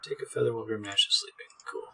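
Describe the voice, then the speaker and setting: A man's voice: on the low side, very fast, sharp tone, slight background noise. A man doing gameplay commentary, reading the game text aloud with wry, amused asides. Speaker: let's play streamer.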